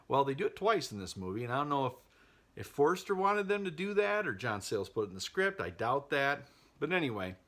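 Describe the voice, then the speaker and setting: A man's voice: medium pitch, pushed and bright. A man casually recapping a movie he loves, chatty and wry, laughing at the plot. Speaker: movie vlogger.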